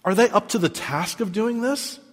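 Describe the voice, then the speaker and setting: A man preaching a sermon as pastor, reading scripture and stressing key words, with sharp swings between loud emphasis and quiet drops. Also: lively intonation, moderate pace, in a large hall. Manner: emphatic preaching with big swings in pitch and volume.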